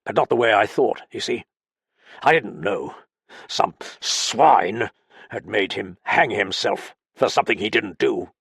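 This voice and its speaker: A man reading as a proud, aloof older gentleman with a harsh, stiff, formal way of speaking, in an audiobook. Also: lowish voice, lively intonation, unhurried, creaky, breathy edge, no echo, studio quality, full character voice. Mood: anguished. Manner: clipped formal speech.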